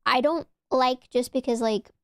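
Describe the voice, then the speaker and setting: A woman's voice: steady tone, a little slow, no echo, studio quality. Chatty Valley Girl streamer woman. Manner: chatty, filler-heavy with many "like"s, dips into low whispers. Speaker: VTuber streamer. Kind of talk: casual chat stream.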